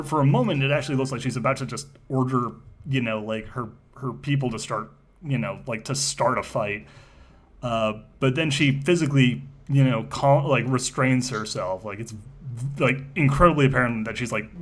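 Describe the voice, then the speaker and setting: A man running a tabletop role-playing game, narrating in a halting way full of fillers and restarts. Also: mid-range voice, faint music behind. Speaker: game master.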